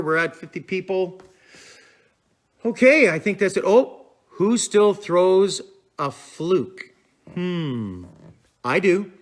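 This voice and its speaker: A man hosts a relaxed fishing-tips live stream, talking in a loose, rambling way. His voice sits a bit higher than most men's. He keeps breaking off to greet viewers and answer their comments. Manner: chatty and rambling, with fillers like "I'm telling you" and "man"; reads out and answers viewer comments as they come in. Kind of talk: casual live-stream chat.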